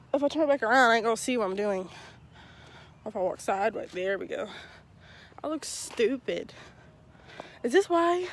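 A young woman rambling in a casual, self-deprecating way while filming herself out of breath on a walk through her neighborhood. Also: mid-range voice. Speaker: vlogger. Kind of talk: casual walking vlog. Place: outdoors walking around a neighborhood. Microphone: handheld phone at arm's length.

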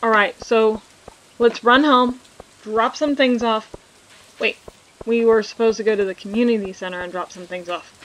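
Over a rough recording, a woman with a fairly high voice keeps a steady tone and moderate pace while she plays. Hosting a laid-back let's play, she jokes with her viewers and reads out the game's dialogue.

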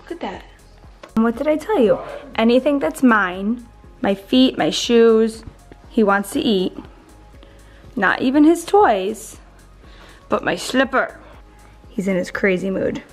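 A woman's voice: fairly high pitch, lively intonation, slow pace, pauses often, soft background music. A woman in her twenties vlogging casually from home, talking playfully to her puppy and her viewers. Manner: playful, talks baby-talk to her puppy. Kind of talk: casual vlog chat.

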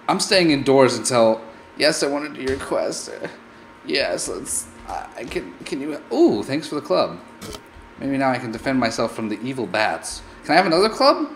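A man's voice: medium pitch, expressive, measured pace, a bit bright, a little hiss or hum. A man hosting a let's play, narrating his gameplay with playful, mock-scared melodrama. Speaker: gaming channel host.

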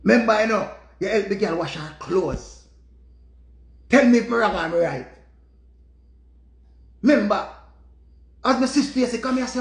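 A high-voiced man with a Jamaican accent tells a story as a dramatic, repetitive rant full of curses. His voice has a gravelly, rough edge. The recording is echoey and roomy. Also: animated, moderate pace, pauses often. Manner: repetitive, profane, dramatic retelling. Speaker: vlogger.

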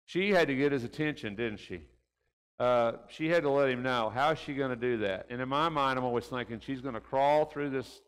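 Folksy man teaching in a reverberant room. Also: mid-range voice. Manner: folksy, keeps asking rhetorical tag questions. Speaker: Bible class teacher. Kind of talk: conversational Bible lesson. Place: church classroom.

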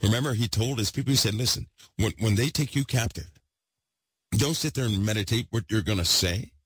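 A man preaching with great excitement, repeating himself for emphasis and swinging from loud bursts to hushed asides. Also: lowish voice, a little fast, husky, no echo. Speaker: podcast host preaching. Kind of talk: impassioned preaching.

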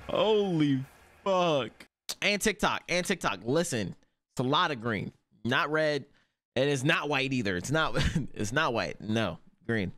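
A man's voice: medium pitch, measured pace, no echo. A man hosting an anime reaction, talking in casual slang with frequent laughs and swearing. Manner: excitable, laughs often, heavy slang and swearing.

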